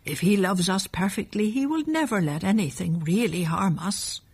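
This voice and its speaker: Woman reading as a gentle old granny, calm and reassuring, breathy tone. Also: mid-range voice, moderate pace.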